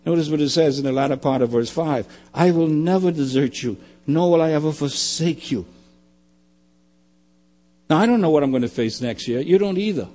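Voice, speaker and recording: A man preaching a sermon, emphatic and repetitive, often dropping to a quiet low. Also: normal speed. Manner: emphatic, repeating phrases, dropping to quiet lows.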